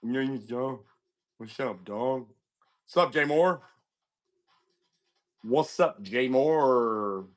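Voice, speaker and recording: A man's voice: medium pitch, very slow, pauses often. Chatty man hosting a card break stream. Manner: chatty, greets viewers, tells stories with asides. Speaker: card break livestream host. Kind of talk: casual livestream chat.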